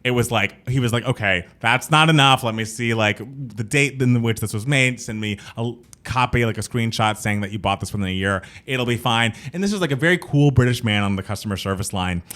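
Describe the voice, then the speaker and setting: A young man chatting as a podcast co-host, mid-pitched and animated. He tells stories by slipping in acted-out voices for the people he quotes. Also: a little fast, hardly any pauses. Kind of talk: casual chat.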